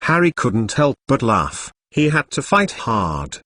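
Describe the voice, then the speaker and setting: A man's voice: medium pitch, huge pitch swings, slow pace, few pauses, sharp tone, dry recording, studio quality. A man narrating a story as an audiobook. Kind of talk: audiobook narration of fan fiction.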